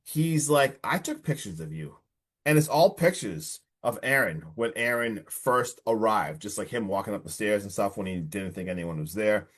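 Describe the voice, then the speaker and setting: A man hosting a podcast, recapping a film in a casual, animated way with lots of filler words. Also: lowish voice, moderate pace, hardly any pauses. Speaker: podcast host.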